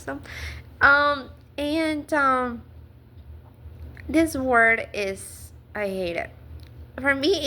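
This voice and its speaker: A woman talking to camera in a personal vlog, earnest and halting, with many fillers, restarts and small nervous laughs. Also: a little high, bright, forceful tone. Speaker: vlogger.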